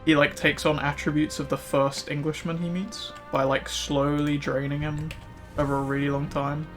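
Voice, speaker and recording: Streamer, male, casual rambling chat, slightly high voice, faint music underneath. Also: level tone, moderate pace. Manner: rambling, many fillers like "like". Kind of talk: casual chat while gaming.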